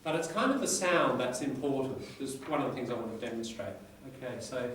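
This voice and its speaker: A man's voice: medium pitch, lively intonation, fast talker, hardly any pauses, a bit bright, slight background noise. Male teacher, echoey classroom, far mic. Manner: explains in short phrases, checks in with the class. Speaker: English teacher. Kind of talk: classroom lecture with reading aloud.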